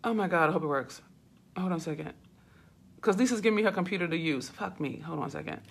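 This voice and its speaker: This woman speaks fast in a fairly low, gravelly, husky voice with lively intonation. A business mentor on a casual livestream in a hotel suite, she fusses and laughs while addressing viewers by name over a phone at arm's length.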